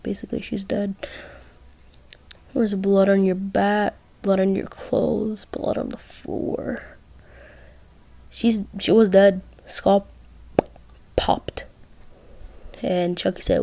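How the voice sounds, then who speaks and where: Slow, gravelly young woman telling a story. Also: mid-range voice, level tone, mellow, no echo. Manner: rambling, with asides and restarts. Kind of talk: casual listener role-play story.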